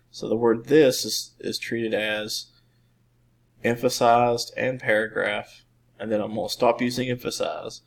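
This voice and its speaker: Gravelly low-voiced man teaching code. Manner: relaxed, rambling, many fillers and restarts. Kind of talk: screen-recorded coding lesson.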